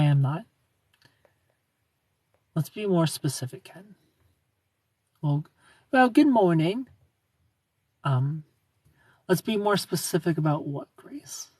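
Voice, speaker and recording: Guy from ohio doing a chill livestream, husky voice, dry close sound, kinda quiet and low-key. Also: no echo. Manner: soft-spoken, low-key, drifting into quiet asides. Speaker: livestream host. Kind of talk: casual livestream chat reading viewer comments.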